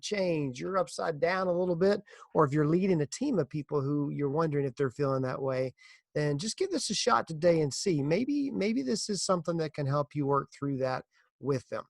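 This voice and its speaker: Earnest podcast man with gravelly voice. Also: on the high side, no room sound, clean studio sound. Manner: earnest, encouraging, tells a corny joke. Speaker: podcast host. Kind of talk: casual motivational podcast talk.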